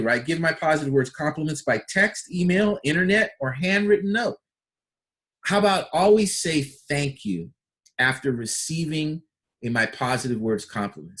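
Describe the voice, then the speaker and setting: A man's voice: on the high side, a bit bright. A man teaching a personal development training session, enthusiastic and full of rhetorical questions and repeated phrases. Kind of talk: instructional talk.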